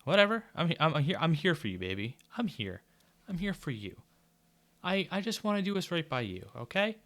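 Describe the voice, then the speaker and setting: Man doing a mocking impression of a smarmy husband, high and falsely sweet. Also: big pitch swings, brisk, a bit bright. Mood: mock-soothing.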